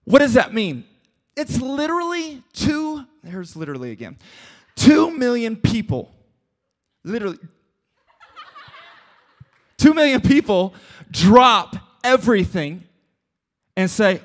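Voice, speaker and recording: High-pitched pastor guy doing a jokey sermon, hams up the story voices. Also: big pitch swings. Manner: playful storytelling with quick voiced asides. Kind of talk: casual youth sermon.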